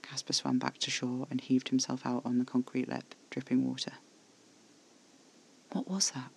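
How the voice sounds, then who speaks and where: A man narrating a first-person horror audio drama in a measured, intimate storytelling manner. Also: mid-range voice, completely flat delivery, gravelly, slightly rough.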